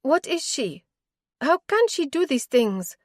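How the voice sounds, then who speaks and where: A frightened young woman, accused of murder, pleads in a raised, breathless voice pitched higher than the storyteller's own, as a woman narrator puts her on. She speaks slowly and urgently in an audiobook reading, with a dry, close sound. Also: sing-song, no room sound, exaggerated voice. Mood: wary.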